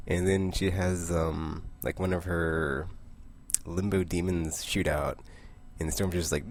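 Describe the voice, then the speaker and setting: Young guy, deep gravelly voice, rambling casual comic review, does little character voices. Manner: rambling, chatty, quick asides and little laughs. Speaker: comic book vlogger.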